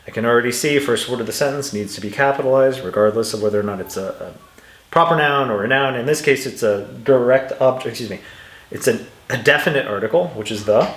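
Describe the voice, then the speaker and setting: A man with a medium-pitched voice, recorded in a reverberant space, teaches English punctuation as an instructional walkthrough. He patiently goes through example sentences, reading them aloud with exaggerated intonation. His throat is dry, and he clears it now and then.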